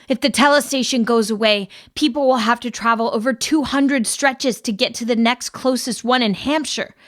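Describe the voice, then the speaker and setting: A woman's voice: on the high side, moderate pace, a bit bright, voice pushed up, natural voice. A fearful villager who speaks grimly and warns of what is coming, voiced by a woman narrator. The tone stays heavy throughout. This is a storybook reading. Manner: grim, warning.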